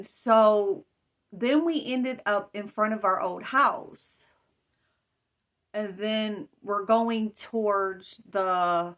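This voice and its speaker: A woman's voice: medium pitch, a bit bright. A woman telling a story about a dream in a rambling, emphatic way, piling on detail as she goes. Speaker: vlogger. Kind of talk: casual storytelling.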